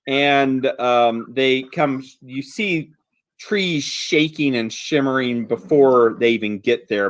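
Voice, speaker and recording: A man narrating a tabletop game as game master, relaxed, with many fillers. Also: medium pitch.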